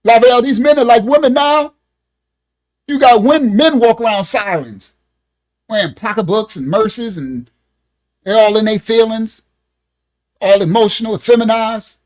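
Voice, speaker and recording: A man teaching an informal Bible lesson for his ministry, blunt and slangy, with an animated, riffing delivery. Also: sits high, moderate pace, long pauses. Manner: slangy, blunt, streetwise preaching.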